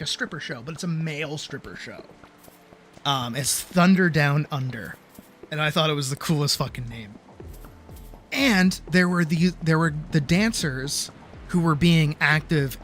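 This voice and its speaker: A man with a slightly raised pitch chatting casually on a livestream. He rambles, swears offhandedly and keeps apologizing, while soft music plays faintly behind him. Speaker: streamer.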